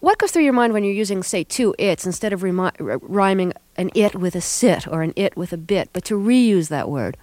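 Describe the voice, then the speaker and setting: A woman's voice: mid-range voice, expressive, brisk, few pauses, a little mellow, dry recording. A woman hosting a radio interview, asking curious, probing questions. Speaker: radio host. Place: radio studio. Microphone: studio mic.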